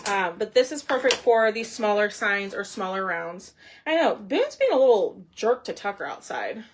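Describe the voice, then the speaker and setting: A woman's voice: mid-range voice, big pitch swings, normal speed, a little hiss or hum. A woman hosting a casual crafting livestream, chatting and thinking aloud as she works. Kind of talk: casual live crafting chat.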